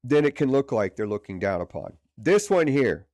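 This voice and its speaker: A man's voice: medium pitch, big pitch swings, normal speed, a little mellow, no echo, studio quality. A man leading a livestream leadership training session, speaking conversationally and repeating words for emphasis. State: stiff neck from poor sleep. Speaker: leadership coach.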